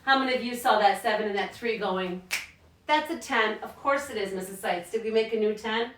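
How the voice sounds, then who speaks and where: A woman's voice: mid-range voice, fairly quick, slight background noise. A woman teacher giving a recorded math lesson to children at home, upbeat and encouraging, calling them friends. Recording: echoey room, mic at a distance.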